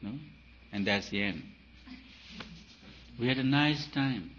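A spiritual teacher, a man, speaks emphatically and poses rhetorical questions. His voice swings between loud and soft. The recording is dull and lo-fi, with a faint hiss under it. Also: mid-range voice, animated, takes it slowly. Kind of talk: spiritual talk.

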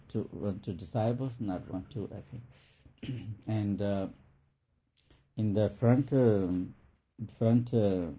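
A man giving a gentle spiritual talk as a teacher, telling a story in a halting way with many restarts. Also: on the low side, breathy edge. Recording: thin phone-like lo-fi recording.

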